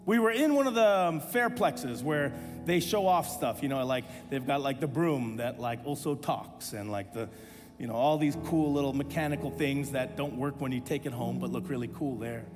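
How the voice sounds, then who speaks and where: A man in his thirties, a pastor, preaching a sermon and telling a personal story with animated self-deprecating humor. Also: mid-range voice, normal speed, long reverb tail, music in the background.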